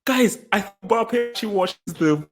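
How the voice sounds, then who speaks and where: Excitable football stream host laughing. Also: male voice, high-pitched, moderate pace, soft background music. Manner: excitable, laughs a lot, repeats words. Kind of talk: live stream reaction chat.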